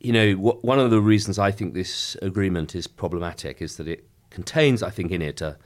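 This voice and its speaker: A middle-aged man who serves as a member of Parliament gives a political interview in a measured, emphatic way, restarting often. His voice sits low.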